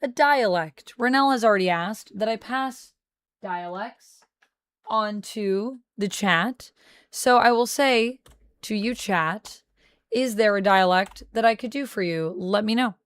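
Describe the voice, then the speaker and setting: Young woman, livestream chat, smooth clear voice, dry close sound, talks to her viewers. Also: mid-range voice, slow, no room sound. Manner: chatty, talks to chat, thinks aloud. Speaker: streamer.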